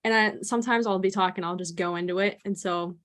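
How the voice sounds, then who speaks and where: A woman with a Chicago accent, chatting in a lively, laughing way as a podcast host. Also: medium pitch, quick pace. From Chicago area, USA. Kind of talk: casual interview chat.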